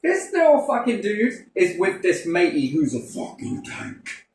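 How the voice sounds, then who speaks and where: A man's voice: high-pitched, huge pitch swings, normal speed, darkish tone, faint music behind. A man telling rambling, profane anecdotes in a casual chat, heavy on swearing. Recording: roomy, distant mic, faint noise.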